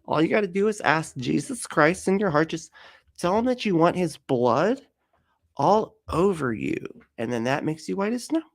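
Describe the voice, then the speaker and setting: A man voicing a pushy male church minister who pleads in a high, wheedling voice. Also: animated, normal speed, gravelly.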